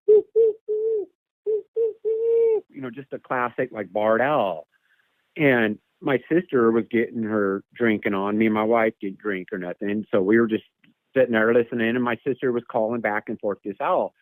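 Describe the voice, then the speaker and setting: A man's voice: mid-range voice, no echo. A man recounts a long story in a loose, rambling way, often repeating words. His voice comes through a tinny phone line. The sound is dry, with no room around it. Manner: rambling, repeats words, imitates animal calls. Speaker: guest telling an encounter story. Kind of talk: casual storytelling over a call.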